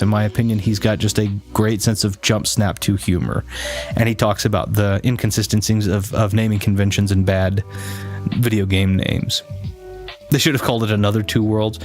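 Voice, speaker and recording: A man chatting casually on a live stream, rambling with many restarts and fillers, teasing his chat now and then. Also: fairly low pitch.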